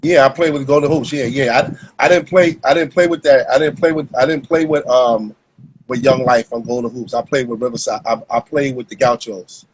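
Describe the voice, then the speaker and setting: A man's voice: mid-range voice, steady tone, brisk, slightly rough, rough recording. A man, a former basketball player talking casually as a guest, rambling and repeating himself. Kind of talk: casual chat.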